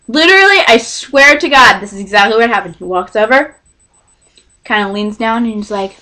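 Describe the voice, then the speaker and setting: A young woman from Texas telling a storytime vlog, rambling and excitable, often cutting herself off mid-sentence. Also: fairly high pitch, normal speed. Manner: rambling, self-interrupting, excitable. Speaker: vlogger.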